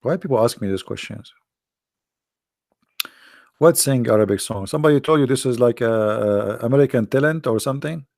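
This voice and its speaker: Hoarse gravelly man chatting on a livestream. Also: medium pitch, normal speed, pauses often, darkish tone, no echo, clean studio sound. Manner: teasing, laughs often, answers viewer questions. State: hoarse, voice strained and coughing. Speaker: livestream host answering chat. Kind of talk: casual livestream chat. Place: at home behind a computer.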